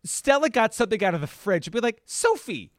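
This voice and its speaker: A woman in her thirties co-hosting a film podcast, telling stories with lots of swearing and quick restarts. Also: on the high side. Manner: animated storyteller, swears freely. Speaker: podcast co-host. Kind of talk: casual film discussion.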